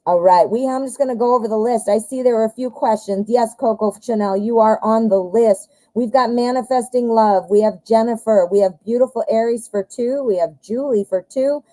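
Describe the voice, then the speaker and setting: A woman's voice: fairly high pitch, normal speed, few pauses, warm tone, no room sound, poor audio. A woman hosting a live tarot reading, talking casually and bluntly with lots of fillers and the odd swear word. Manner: chatty and blunt, swears, frequent fillers and self-corrections.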